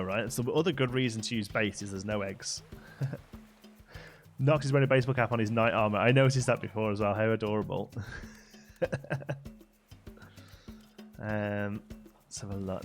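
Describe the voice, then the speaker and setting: A man casually commenting on his own gameplay during a live stream, chatting with viewers and answering their messages. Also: medium pitch. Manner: relaxed, chatty, reads chat aloud and answers it.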